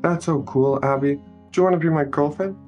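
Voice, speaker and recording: This is a timid, bullied young boy, put on by a man in a movie recap. He gushes with wide-eyed excitement in a noticeably raised voice. Faint music plays underneath. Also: fairly quick, lo-fi sound, lightly acted. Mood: admiring. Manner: excited, high-pitched gushing.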